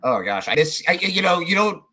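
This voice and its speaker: Bright-voiced chatty podcast host man. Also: sits high, big pitch swings, moderate pace. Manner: chatty, filler-heavy, trailing restarts. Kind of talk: casual interview chat.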